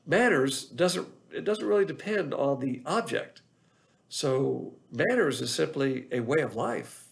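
A man with a heavily gravelly, fry-laden voice delivers a Bible lesson from the pulpit. He speaks in a measured teaching cadence at a middle pitch and circles back over his phrases to drive each point home. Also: lively intonation. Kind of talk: sermon.

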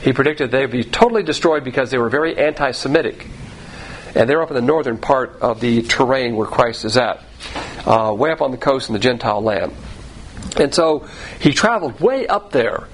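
A man's voice: mid-range voice, animated, normal speed, slight background noise, low-quality recording. A man teaching the Bible verse by verse in a conversational way, repeating phrases and restarting sentences.

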